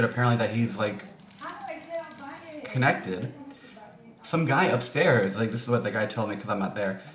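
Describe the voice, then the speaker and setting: A man's voice: medium pitch, fairly bright tone. A man telling a story casually as a vlogger, rambling with many fillers and restarts. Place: indoor room. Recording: echoey room, faint noise.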